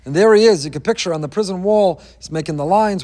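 A man's voice: high-pitched, expressive, fast, hardly any pauses, warm tone, in a large hall. A man teaching a sermon on the weekly Torah portion, an emphatic storyteller who sprinkles in Hebrew terms.

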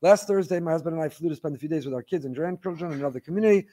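A man teaching a Torah class, reading listener emails aloud in an animated storytelling way with wry asides. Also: fairly high pitch, very fast.

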